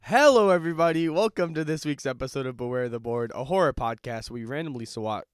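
A man co-hosting a casual podcast, exclaiming in loud disgust and swearing freely. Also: mid-range voice, fairly quick. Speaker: podcast co-host. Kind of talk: casual chat.

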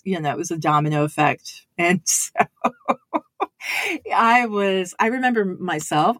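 A woman's voice: low-pitched, no room sound, clean studio sound. A woman telling a casual anecdote in a chatty way, often adding "right?" and "you know". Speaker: storyteller.

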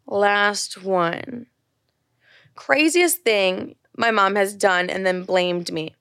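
A woman's voice: medium pitch, drawn-out words, fairly bright tone, smooth, no echo. Chatty young woman, swearing, dry close mic. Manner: candid storytelling, heavy filler "like", frequent swearing. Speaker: podcast host. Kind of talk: casual solo podcast chat.

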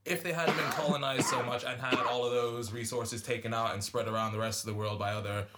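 A man chats on a podcast in an animated, joking way, often breaking into laughter. His voice sits at a middling pitch for a man. He delivers his opinions with lively energy. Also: fast talker. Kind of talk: casual podcast discussion.

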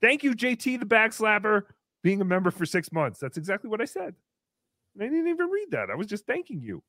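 A goofy male livestream host reading out member thank-yous. His voice sits high and leaps wildly in pitch. The mic is close and dry. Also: fairly quick, no echo. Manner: goofy, animated, swinging between squeals and mumbles. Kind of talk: comedic live-stream chat.

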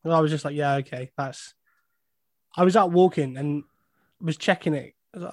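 A man with a fairly high voice gives blunt, wry opinions on a football podcast. The recording is dry and close, with no room sound. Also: moderate pace, long pauses, no room sound. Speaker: podcast co-host. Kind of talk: casual football podcast chat.

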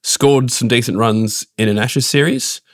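A man's voice: medium pitch, measured pace, no echo, clean studio sound. A man co-hosting a casual cricket podcast, opinionated and launching into rants. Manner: opinionated, ranting. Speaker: podcast co-host.

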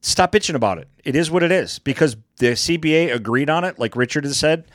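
A man's voice: fairly high pitch, animated, fast talker, fairly bright tone, dry recording, studio quality. A man co-hosting a casual sports podcast, blunt and crude in his banter. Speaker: podcast co-host.

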